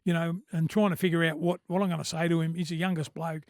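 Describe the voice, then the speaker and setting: A middle-aged Australian man telling stories in a blokey, animated way, heavy with fillers, on a casual podcast. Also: fairly high pitch, fast talker, dry recording, clean studio sound. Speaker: podcast guest. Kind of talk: casual storytelling chat.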